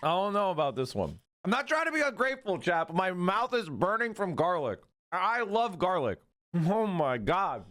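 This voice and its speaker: A man streaming casually to his chat, animated, sarcastic and profane. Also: high voice, normal speed, dry recording, studio quality. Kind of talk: casual livestream commentary.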